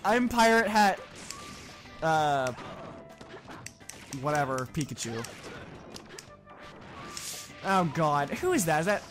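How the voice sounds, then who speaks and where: A woman giving casual, excitable commentary while playing a video game with a friend, shouting at the screen. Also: low voice, takes it slowly, pauses often, over music. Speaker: let's play co-host.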